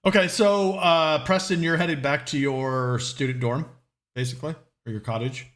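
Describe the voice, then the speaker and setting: Easygoing game master, fairly high voice. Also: male voice, steady tone, moderate pace, a bit bright. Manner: easygoing, prompting players with questions.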